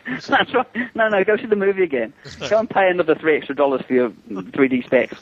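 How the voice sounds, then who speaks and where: Over a tinny, dry phone line, an English special effects makeup artist appears as a guest in a casual phone interview. His voice is high-pitched and quick as he tells lively anecdotes, acts out quotes, and laughs often.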